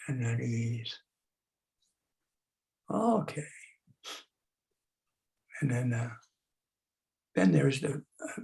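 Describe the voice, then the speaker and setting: Older guy coaching a group thru silly face exercises, slow and kinda gravelly, coaxing everyone along. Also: medium pitch, a little mellow. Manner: playful, coaxing, demonstrates sighs and growls. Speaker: speaker leading a group exercise. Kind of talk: instructional talk with face exercises.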